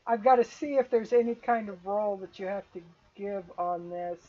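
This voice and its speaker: A woman narrating a tabletop game as game master, describing scenes in detail and pausing to check the rules. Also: mid-range voice, highs cut off.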